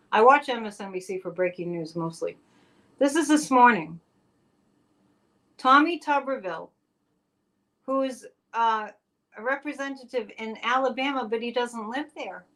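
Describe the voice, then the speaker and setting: Woman, fairly high voice, chatty live-stream host, sarcastic asides, casual commentary. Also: fairly bright tone.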